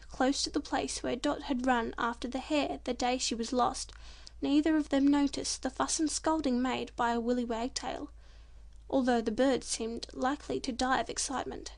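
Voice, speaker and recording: A woman reading a children's storybook audiobook in a gentle, expressive narration. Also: high voice, moderate pace, gravelly.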